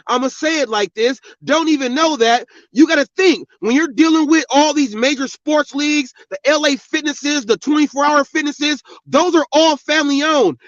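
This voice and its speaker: A man with a strikingly high voice rants at length, swearing freely and lecturing his listeners. The sound is dry and dull, like a lo-fi home recording with no room around it. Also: a bit bright, no room sound. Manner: angry, profane, preachy. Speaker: podcast host. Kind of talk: ranting monologue.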